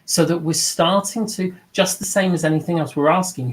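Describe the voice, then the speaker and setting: A man's voice: on the high side, normal speed, rough recording. A middle-aged man giving an informal spoken lesson as a mediumship teacher, earnest and reflective, slipping into the voices of people he quotes.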